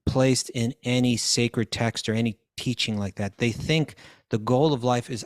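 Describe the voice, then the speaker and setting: A man's voice: mid-range voice, moderate pace, few pauses, no room sound, clean studio sound. A man teaching scripture in a question-and-answer talk, quoting Sanskrit verses, translating them and often restarting his phrases.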